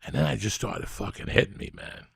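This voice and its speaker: An older man with a deeply gravelly, husky voice that sits low, talking in a rambling, foul-mouthed way. He hosts a casual podcast, swinging between ribbing his co-host and long stories. The sound is dry and close. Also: fairly quick, a bit bright, dry recording. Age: 60s. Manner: profane, rambling, teasing storyteller. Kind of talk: casual chat and storytelling.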